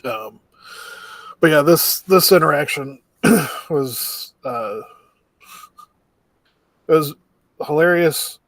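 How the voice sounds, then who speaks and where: A man's voice: on the high side, animated, extremely slow, pauses often, fairly bright tone, no room sound, rough recording. A man co-hosting a casual review chat, hesitant, with many fillers and trailing endings. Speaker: podcast co-host.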